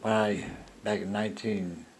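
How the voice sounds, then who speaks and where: An older man telling a personal story in a slow, rambling monologue, halting with restarts. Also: lowish voice, steady tone. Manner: halting, with restarts and soft laughs. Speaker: storyteller recounting a personal encounter.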